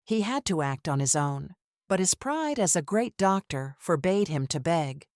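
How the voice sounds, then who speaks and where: A woman narrates a family drama in a steady, measured way. Her voice sits on the low side and is recorded dry and close. The quoted lines get little change in voice. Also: no echo. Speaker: storyteller. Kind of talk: scripted narration.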